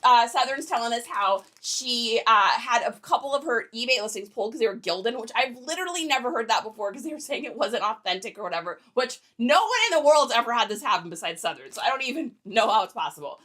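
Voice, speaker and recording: A young woman hosts a casual reselling livestream, talking to viewers as she packs orders. Her voice is high and bright. She chats and jokes, reading viewers' comments aloud. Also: lively intonation, quick pace, few pauses. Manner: chatty, joking, reads viewer comments aloud. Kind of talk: casual livestream chat while packing orders.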